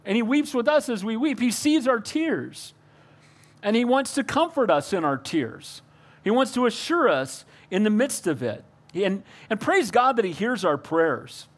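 A man's voice: high-pitched, big pitch swings, unhurried. An older man preaching a sermon as pastor, earnest and calling out to the congregation for amens.

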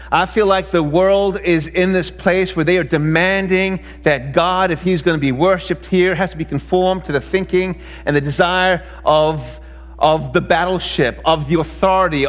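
A man's voice: on the high side, in a large hall. A male pastor preaching a sermon, emphatic, with repeated words as he speeds up.

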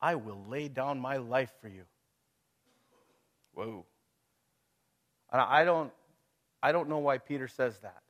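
A middle-aged man preaching at a mid-range pitch. He talks his congregation through the passage in an easy, conversational way. He poses rhetorical questions and chuckles between them. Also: slow, pauses often, a bit bright. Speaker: pastor. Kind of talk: sermon.

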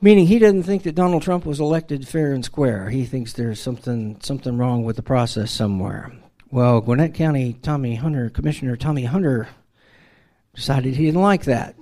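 A man's voice: mid-range voice, moderate pace, mellow. A middle-aged man tells a self-deprecating personal story in a casual, conversational way. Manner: wry, self-deprecating, conversational with frequent restarts. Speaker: father telling a personal story.

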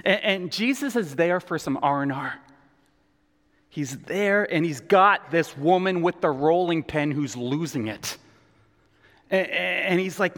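A male pastor preaching a sermon, animated and conversational as he tells the story. His voice sits higher than most men's. A long reverb from the hall trails behind his words. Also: normal speed.

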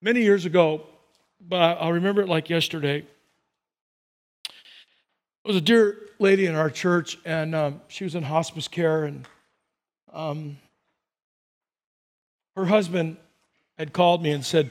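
A man preaching a sermon as pastor, telling stories and acting out voices, swinging between soft and loud. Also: on the high side, steady tone, measured pace, pauses often. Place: church sanctuary. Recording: long reverb of a large hall.

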